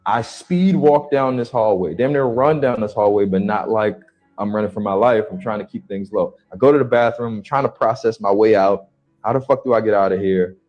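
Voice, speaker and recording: A man's voice: fairly low pitch, a little fast, highs cut off, soft background music. A man retelling a personal story in a vivid, blunt and uneasy way.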